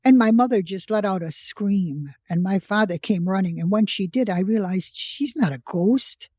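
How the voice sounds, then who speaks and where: A woman's voice: mid-range voice, normal speed, warm tone, no room sound, studio quality. A woman in her eighties from the United States, a podcast guest telling her life story and acting out the voices of the people in it. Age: 80s. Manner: vivid storyteller who acts out quoted voices. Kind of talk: personal storytelling.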